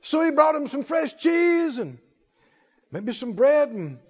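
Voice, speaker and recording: A man with a very high-pitched, very animated voice preaches slowly in a church, telling the story in a folksy, humorous way and laughing often. The recording is dull and lo-fi, in an echoey hall.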